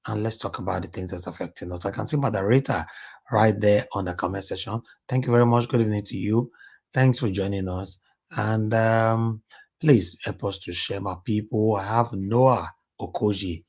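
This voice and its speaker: This man's voice is fairly low and a little mellow, with fairly even intonation and a moderate pace. Speaking with a Nigerian Pidgin English accent, he runs a live stream talk show with callers, moving between Pidgin and English and teasing them.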